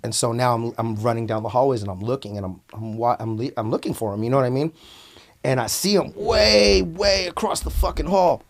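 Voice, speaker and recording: A man telling a story in casual, animated, profanity-heavy slang as an interview guest. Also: medium pitch, brisk, creaky.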